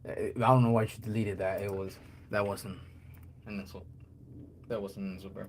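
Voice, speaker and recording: A man's voice: fairly low pitch, flat delivery, normal speed, a little hiss or hum. A man talking loosely on a livestream, joking and cursing as he answers chat. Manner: loose and joking, curses a lot, chats with viewers.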